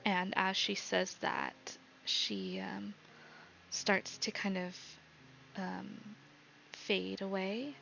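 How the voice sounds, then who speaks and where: A woman narrating as dungeon master of a live-streamed tabletop game, halting and full of ums, in a slightly dull lo-fi recording. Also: medium pitch, little pitch movement, gravelly, bright, forceful tone. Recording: slightly dull lo-fi sound with faint noise.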